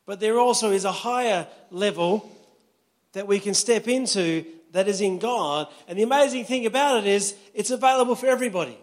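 A man's voice: high voice, brisk. A pastor preaching a sermon in a conversational way, often checking in with his listeners.

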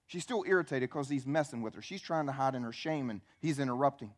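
The pastor speaks in a mid-range voice, fast and with hardly any pauses. His sermon tells the story in an animated, conversational style, acting out quotes and asking the audience questions.

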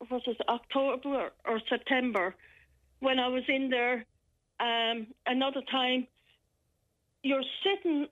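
An Irish woman phoning in, telling a frightening personal account in a halting, shaken way with many restarts. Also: high voice, fairly bright tone. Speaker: caller. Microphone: telephone. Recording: muffled telephone line.

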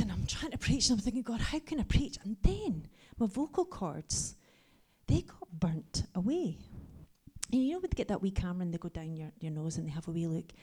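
A woman in her forties preaches with animated energy, telling stories from her own life. She slips into a hushed whisper for asides, then comes back full voice. Her pitch sits at an ordinary middle height. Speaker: pastor. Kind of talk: lively sermon with personal stories.

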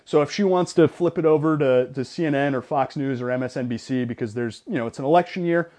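A young man co-hosting a casual sports podcast, retelling a gym story in an animated way with lots of restarts. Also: mid-range voice, fast. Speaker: podcast co-host.

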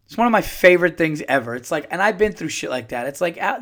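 Man, podcast host, solo storytelling, profane, animated, slightly high voice. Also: fast.

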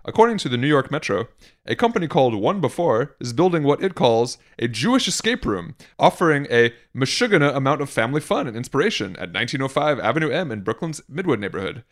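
Male podcast co-host, animated delivery, dry sarcastic commentary on news. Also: mid-range voice, fast talker. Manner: reads news items aloud with sarcastic asides. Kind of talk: casual news chat.

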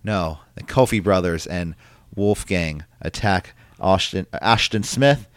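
A man's voice: low voice, slow pace, dry recording. A man hosting a casual podcast, rambling through a recap with lots of ums and likes. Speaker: podcast host recapping wrestling. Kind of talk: casual chat.

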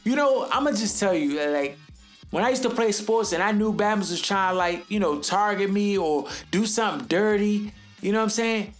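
A man hosting a podcast, giving a casual, emphatic and rambling sports commentary, forever calling the listener dog and bro. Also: high voice. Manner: rambling, with many restarts. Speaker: podcast host.

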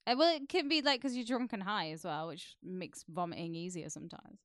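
A woman co-hosting a podcast in casual chat, bawdy and quick to laugh. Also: fairly low pitch, dry recording, clean studio sound. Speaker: podcast co-host.

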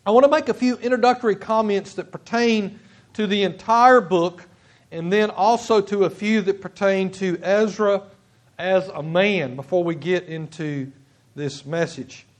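A high-pitched man preaching from a church pulpit. He speaks in a halting way, restarting phrases and repeating key words for emphasis. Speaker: pastor. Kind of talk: sermon. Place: church sanctuary.

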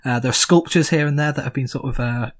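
A man's voice: mid-range voice, fast talker. A man narrating a tabletop game as game master, with many fillers and a rambling, descriptive delivery.

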